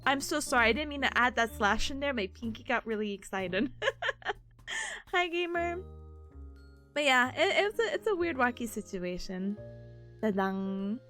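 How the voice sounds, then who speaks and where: A woman's voice: measured pace, pauses often, soft background music. A woman hosting a casual study livestream, chatting and rambling with frequent giggles, seated at home. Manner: animated, jumps into high-pitched impressions. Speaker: livestream host. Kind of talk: casual study-stream chat.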